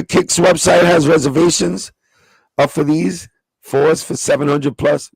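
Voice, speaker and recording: A man with a New York accent runs a loose, profanity-laced sneaker livestream and talks straight to his chat. His voice sits a little high and carries a gravelly edge. The sound is close and dry. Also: fairly even intonation, a little slow, a little mellow, dry recording. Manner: profane, streetwise, chatting with live viewers.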